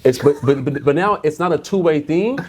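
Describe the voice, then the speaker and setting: A man's voice: fairly high pitch, a little fast, husky. Middle-aged American man, business guest, chatty storyteller who repeats himself, casual interview. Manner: animated storyteller, repeats words often. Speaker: guest, insurance business owner.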